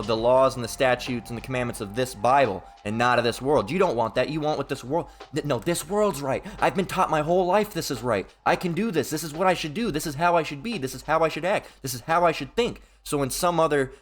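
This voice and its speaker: A man preaching an informal monologue, emphatic and profane, repeating himself and mimicking his opponents in quoted voices. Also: mid-range voice.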